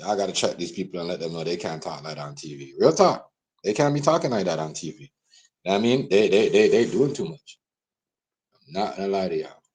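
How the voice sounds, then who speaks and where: A young man, live-streaming a heated, repetitive rant that swings from loud outbursts to low mutters. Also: sing-song, fast, rough recording. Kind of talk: ranting live-stream commentary.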